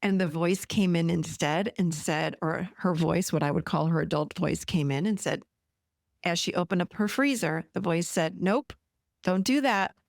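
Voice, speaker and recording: A woman's voice: fairly low pitch, normal speed, creaky, no echo, clean studio sound. A woman podcast host and therapist telling a client story in a casual, chatty way, often addressing listeners directly.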